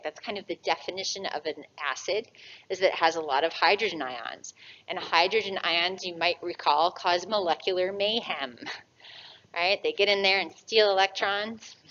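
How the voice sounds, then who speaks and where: A woman's voice: fairly low pitch, muffled recording. A woman teaching an anatomy class, asking students questions and tagging her points with "right?". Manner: lively, asks the class questions and answers them, tag questions. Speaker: anatomy lecturer. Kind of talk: classroom lecture.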